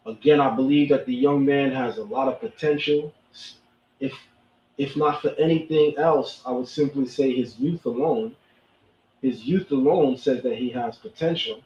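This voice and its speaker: A man's voice: mid-range voice, a little mellow, dull audio. Emphatic man with an echoey, distant sound. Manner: emphatic, preachy, repeats lines for stress. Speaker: host. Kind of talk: commentary.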